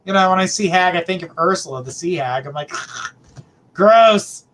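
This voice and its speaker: On the high side and at normal speed, this man's voice sounds pushed and bright, with a little hiss or hum in the recording. He's a middle-aged psychic reader hosting a livestream, casually chatting with viewers and affectionately calling them sweetheart and honey.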